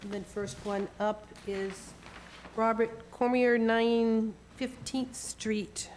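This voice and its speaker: A woman chairing a town commission meeting, brisk and procedural as she runs motions and swears in speakers. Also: a little high, steady tone, slight background noise.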